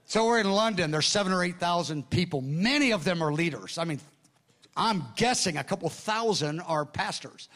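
An older man preaching in a storytelling style, conversational and animated, often dropping to hushed tones and restarting his sentences. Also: high voice, normal speed. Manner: conversational, acts out dialogue, laughs often. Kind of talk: storytelling sermon with notes.

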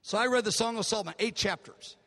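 An older man, a pastor, talks fast in a high, creaky, bright, forceful voice as he preaches. His sermon story is emotional and dramatic, with the dialogue acted out, and the large hall gives it long reverb.

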